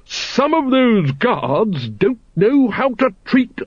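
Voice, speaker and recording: A woman's voice: fairly high pitch, sing-song, takes it slowly, slightly rough, no room sound, pitched above the performer's own voice, exaggerated voice. A man voicing a hearty, robust noblewoman who talks in a jolly, upper-class way, with his voice lifted well above his own. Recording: dull, lo-fi audiobook recording.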